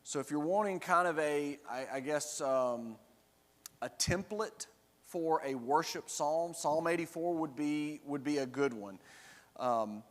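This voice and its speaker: Male Bible study teacher, a little high-pitched, conversational, explains verse by verse, church room with long reverb. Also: unhurried. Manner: explains verse by verse, checks in with the class with "right?". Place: church classroom.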